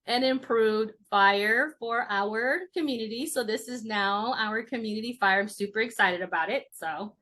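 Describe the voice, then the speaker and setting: A woman shamanic healer gently guiding a virtual group ritual over a video call, encouraging each person and answering with aho. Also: fairly high pitch, normal speed, few pauses. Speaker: shamanic healer leading a ceremony.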